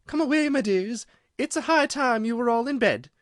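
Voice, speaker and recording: Anxious storybook mother canary, trembling and shrill, read by a man. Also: animated, normal speed, dry recording, clean studio sound.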